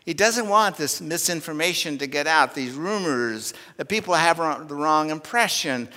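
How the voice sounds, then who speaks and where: A man delivers a sermon from the pulpit, his voice bright and a little higher than most. He swells loud to drive a point home and then falls quiet. The long reverb of the church sanctuary trails each phrase. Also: expressive, normal speed. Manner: earnest preaching, swells loud for emphasis then drops soft. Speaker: pastor.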